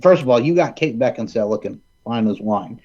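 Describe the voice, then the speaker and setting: A man hosting a casual film chat, excitedly retelling scenes and quoting lines in funny voices. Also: medium pitch, fairly quick, lo-fi sound. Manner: animated, quotes movie lines in funny voices. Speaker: podcast host.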